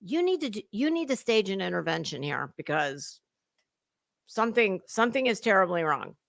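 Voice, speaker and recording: A woman's voice: medium pitch, very animated, normal speed, vocal fry, a bit bright, no room sound, studio quality. A middle-aged woman hosting sarcastic reaction commentary, mocking and profane, slipping into put-on voices. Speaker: commentary host.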